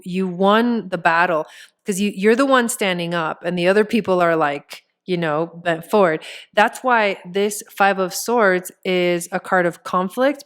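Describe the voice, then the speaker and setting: A woman giving a casual tarot reading, talking straight to the viewer in a chatty way with many filler words. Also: fairly low pitch. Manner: speaks straight to the viewer as "you". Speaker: tarot reader and astrologer.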